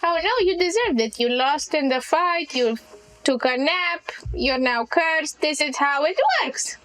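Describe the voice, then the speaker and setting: A young female hag speaks in a voice on the edge of croaking, not yet fully matured, as a woman acts her out. She is blunt and mocking, turning down pleas without a flicker of concern. Her pitch sits high. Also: measured pace, fairly bright tone, soft background music, poor audio.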